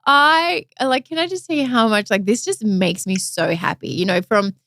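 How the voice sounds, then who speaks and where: A woman hosts a casual podcast interview, her voice sitting a little high as she gushes with enthusiasm and fills her chat with "like". The sound is dry and close. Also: normal speed, a bit bright, no room sound. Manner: gushing, enthusiastic, says "like" a lot. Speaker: podcast host.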